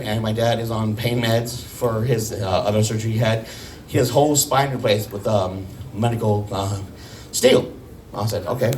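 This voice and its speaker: A man doing a first stand-up set, rambling and halting with many restarts. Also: mid-range voice, distant mic, a little hiss or hum, poor audio. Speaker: stand-up comedian.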